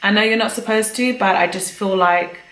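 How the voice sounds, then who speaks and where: A woman's voice: mid-range voice, moderate pace, fairly bright tone, roomy sound, low-quality recording. A chatty woman giving a pregnancy update on her vlog, a little out of breath and laughing often. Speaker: vlogger.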